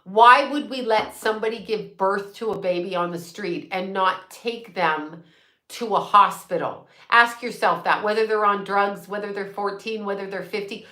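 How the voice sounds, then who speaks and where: A woman's voice: medium pitch, moderate pace, pushed and bright, roomy sound. A woman host ranting in a blunt, profane, sarcastic way, laughing often as she chats to her viewers. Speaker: psychic medium host. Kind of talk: casual live-stream rant.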